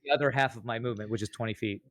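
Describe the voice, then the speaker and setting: Male player, mid-pitched voice, talks through his turns casually. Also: very fast, a bit bright. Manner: thinks aloud, explains his moves. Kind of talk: casual tabletop game play.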